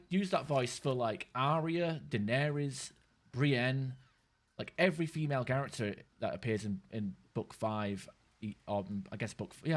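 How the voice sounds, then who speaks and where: A man giving casual commentary while playing a video game, rambling in stop-start bursts, swearing freely and chatting with viewers. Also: medium pitch. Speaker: gaming streamer.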